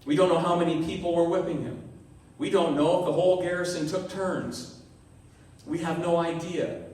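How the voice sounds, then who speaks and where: A man's voice: fairly high pitch, level tone, moderate pace, a little mellow. A man preaching a sermon as pastor, talking in a conversational way and acting out the voices of people in the story. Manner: conversational, acts out quoted voices. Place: church hall. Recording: echoey room, heard from a distance.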